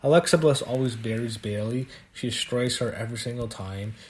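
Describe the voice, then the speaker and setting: A man's voice: medium pitch, brisk. A man giving a casual, blunt recap of a wrestling show, swearing and shrugging things off with frequent fillers.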